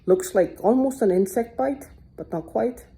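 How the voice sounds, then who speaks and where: A woman's voice: fairly high pitch, moderate pace, warm tone. A woman talking in a loose, rambling monologue, often repeating herself and restarting. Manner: repetitive, rambling, restarts a lot. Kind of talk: casual monologue to camera.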